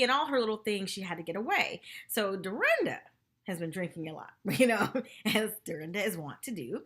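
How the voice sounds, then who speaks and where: A woman casually reviewing a reality TV episode, chatty and excitable, peppering her talk with "like" and "y'all". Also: medium pitch, a little fast. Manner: animated, chatty, says "y'all" and "like" often. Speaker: TV recap vlogger.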